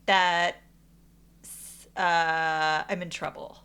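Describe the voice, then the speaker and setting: A woman in her forties co-hosting a casual podcast chat, playful and quick to laugh. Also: on the low side, little pitch movement, sharp tone, clear, resonant tone. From USA. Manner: giggly and playful. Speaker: podcast co-host.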